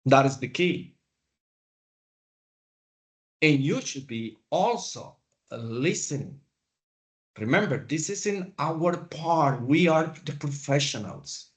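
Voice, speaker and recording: A man teaching a class, lecturing in a slow, deliberate way with pauses. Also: on the high side. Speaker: instructor.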